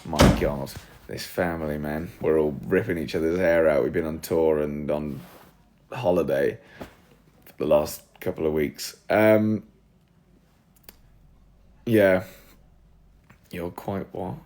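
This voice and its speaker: A man with a rumbling low, darkish voice hosts a casual livestream from a room at home, taking his time and pausing often. This podcast host is chatty and scattered, joking at his own expense while he multitasks and sorts things out.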